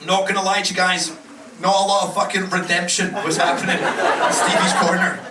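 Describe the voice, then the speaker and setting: A brash Scottish man rattles off a profane stand-up story on a club stage, his voice sitting high for a man. The mic hears him from a distance, so the room echoes around him, and loud noise runs underneath. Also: level tone, brisk, over a noisy crowd. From Scotland. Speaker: stand-up comedian. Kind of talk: stand-up comedy set. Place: comedy club stage with audience laughter.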